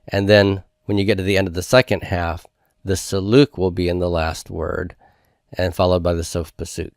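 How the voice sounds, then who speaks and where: Male teacher, low voice, patient explanations with frequent check-ins, close and dry. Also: level tone, normal speed, no room sound. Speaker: Hebrew teacher. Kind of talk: recorded homework review lecture.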